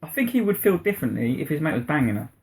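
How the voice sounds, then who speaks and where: Podcast co-host: lively man who acts out quotes, voice swinging up and down. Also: fairly high pitch, very fast. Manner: animated storyteller, acts out quotes. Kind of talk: casual chat.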